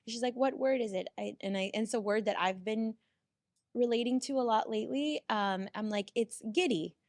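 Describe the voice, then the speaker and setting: A woman's voice: fairly high pitch, brisk, no room sound, studio quality. A woman guest on a podcast, telling a heartfelt, rambling story in casual chat.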